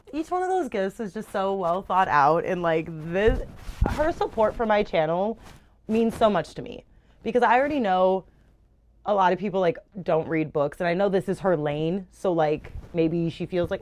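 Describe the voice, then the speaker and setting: A young woman talking casually to camera as a book reviewer, animated and gushing, swearing freely. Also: medium pitch, moderate pace. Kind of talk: casual chat.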